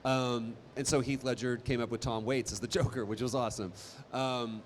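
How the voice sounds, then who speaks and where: A man in his thirties telling stories on a convention stage into a handheld mic, animated and self-deprecating. His voice sits at a mid pitch, and he trips into frequent restarts. A faint hiss sits under the sound. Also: moderate pace. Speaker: voice actor guest on a convention panel. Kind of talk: live panel storytelling.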